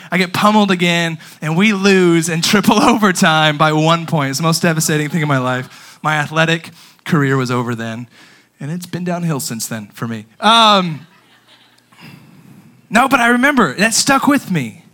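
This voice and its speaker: A young man preaching with a bright, forceful voice that sits a little high for a man. He moves between hushed scripture reading and loud, excited storytelling, casual in tone. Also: normal speed. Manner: energetic storytelling, swings from quiet to shouting. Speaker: youth pastor. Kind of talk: sermon.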